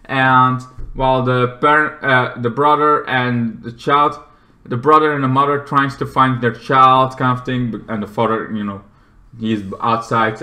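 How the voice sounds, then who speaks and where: A man with a medium-pitched voice reviews a movie casually and ramblingly, often restarting his sentences and bursting into loud, acted-out shouts.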